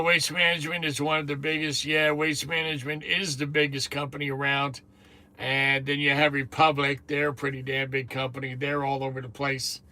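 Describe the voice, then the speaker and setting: Chatty fifties man with a bright voice. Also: on the high side. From New Jersey. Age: 50s. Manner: chatty, greets viewers by name, swears casually. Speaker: truck driver livestream host. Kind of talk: casual live chat. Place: truck cab on lunch break.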